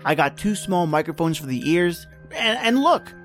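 An actor playing a tired, secretive young inventor who is terse and defensive, in a radio drama. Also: male voice, on the high side, expressive, moderate pace, faint music behind.

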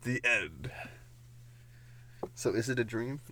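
Casting: unhurried husky male storyteller, giggly, hushed spooky asides. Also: mid-range voice, expressive. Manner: giggly, often dropping to a hushed whisper for spooky lines. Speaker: podcast co-host narrating an improvised story. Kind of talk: improvised comedic storytelling.

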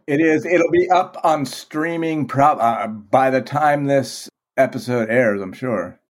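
A man's voice: mid-range voice, slow pace. Profane, stammering man in casual interview. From Vermont. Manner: profane, repeats words and restarts sentences. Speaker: guest, band vocalist.

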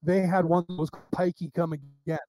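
An American man talks as a guest in a casual interview, telling long, winding stories with plenty of restarts. His voice sits high but has a soft, mellow tone. The sound is close and dry, with no room echo. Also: moderate pace. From United States. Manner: rambling, animated anecdotes with restarts.

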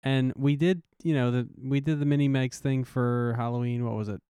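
Earnest man with a smooth voice. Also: mid-range voice, fairly even intonation, normal speed, mellow, dry recording, clean studio sound. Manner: earnest, rambling with fillers. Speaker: podcast co-host. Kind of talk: casual podcast chat.

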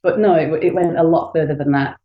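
A woman's voice: deep voice, steady tone, brisk. A British woman in her late thirties, chatting candidly as an interview guest and telling her own story. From United Kingdom. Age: late 30s. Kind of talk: casual interview chat. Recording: echoey, dull lo-fi recording.

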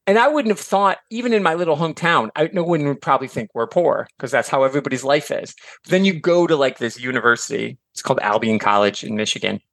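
Male podcast guest, mid-pitched, talkative and digressive, casual swearing, dry close sound. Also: creaky, fairly bright tone, no echo. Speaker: podcast guest, author and teacher. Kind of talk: casual chat.

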